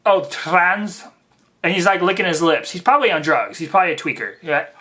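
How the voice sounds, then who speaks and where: A man hosts a casual reaction commentary, with a bright, forceful tone. He rambles with lots of fillers and mocks what he is reacting to. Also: a little high, sing-song, rapid-fire. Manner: rambling, filler-heavy, mocking. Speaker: reaction video host.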